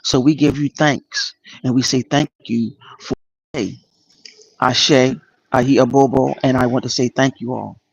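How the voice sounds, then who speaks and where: A man hosting a casual livestream, greeting viewers by name and speaking earnestly and emotionally about his spiritual path, with many pauses and fillers. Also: medium pitch, steady tone, creaky, husky, no echo. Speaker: channel host. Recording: dull lo-fi dry sound.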